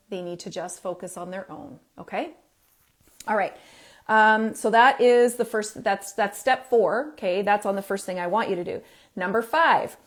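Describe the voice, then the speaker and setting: A middle-aged woman giving earnest, emphatic advice to parents, with fillers and restarts. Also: mid-range voice. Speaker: parenting coach.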